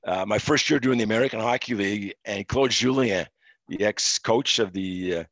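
A middle-aged man from Quebec, a former referee, telling stories in a relaxed interview with many fillers. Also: fairly low pitch, normal speed, no echo, highs cut off. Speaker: podcast guest, former hockey referee. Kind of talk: casual interview storytelling.

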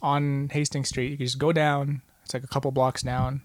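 A young man, telling a story to friends in casual chat. His voice jumps high when he acts out quotes. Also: little pitch movement, moderate pace, no echo.

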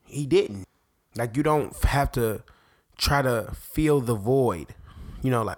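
A man, a parent, hosting a faith podcast in an excitable, rambling monologue that keeps interrupting itself. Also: mid-range voice, takes it slowly. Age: adult parent. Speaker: podcast host.

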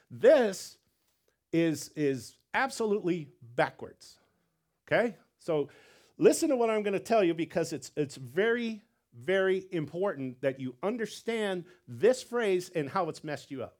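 Animated man preaching a sermon. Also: a little high, normal speed. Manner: animated, repeats words, acts out quotes. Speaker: pastor.

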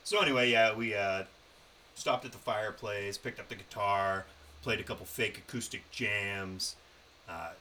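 A podcast co-host with a lowish, bright and forceful voice chats casually about a road trip, swearing and keeping things loose at a moderate pace. There's some hiss or hum on the rough recording.

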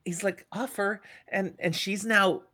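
Middle-aged male host: lively recapper, bright, very expressive pitch. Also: moderate pace. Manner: animated retelling, acting out the characters. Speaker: podcast host. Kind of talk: casual book discussion.

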